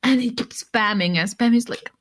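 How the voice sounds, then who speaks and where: Animated woman retelling a story. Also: a little fast. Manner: animated, acts out quotes in raised pitch, laughs often, swears. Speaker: former e-pal guest. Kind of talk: casual storytelling chat.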